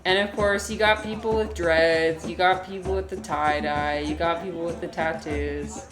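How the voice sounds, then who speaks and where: A woman hosts a relaxed livestream with a slightly low voice, chatting as she reacts to footage. Her talk rambles and is loose with swearing. Clear music plays under her voice. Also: normal speed. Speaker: livestream host. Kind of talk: casual stream chat reacting to footage.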